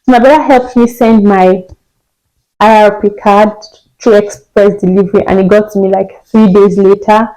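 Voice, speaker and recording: A woman's voice: medium pitch, moderate pace, low-quality recording. A young woman from Nigeria telling a personal story in a casual vlog, acting out the dialogue with laughs along the way. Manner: animated, acts out quoted dialogue with laughs. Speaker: vlogger.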